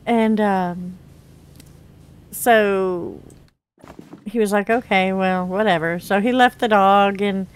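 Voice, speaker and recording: A woman hosts a gaming video, casually telling a personal story as she plays. Her voice sits on the low side and is smooth, and she laughs often, acting out quotes with big jumps in her voice.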